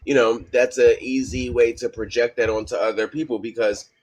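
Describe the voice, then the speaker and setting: A man on a casual podcast panel, speaking earnestly with halting restarts. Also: medium pitch, flat delivery, darkish tone.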